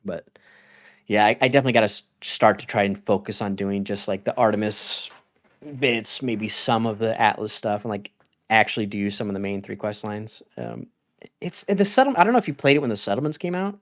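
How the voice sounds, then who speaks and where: A man's voice: on the low side, fairly quick. Rambling laughing male podcast host. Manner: rambling, laughs often, acts out his own reactions. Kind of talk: casual gaming chat.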